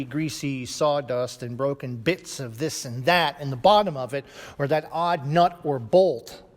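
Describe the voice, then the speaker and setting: A middle-aged male pastor preaching a sermon in an emphatic way, with dramatic pauses and big swings in loudness. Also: fairly high pitch. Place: church sanctuary. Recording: long church reverb.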